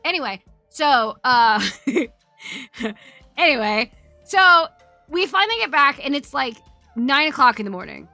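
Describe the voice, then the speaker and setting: A woman streamer chats on a close, dry microphone, her voice bright and a little high. She rambles through a story, swearing freely and laughing along. Faint game music plays underneath. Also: lively intonation, moderate pace, pauses often, no room sound.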